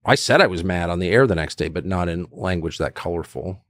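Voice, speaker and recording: A middle-aged man talking as a podcast guest, blunt and animated, acting out quotes with sudden high bursts. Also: fairly quick, dry recording, clean studio sound. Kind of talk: casual conversation.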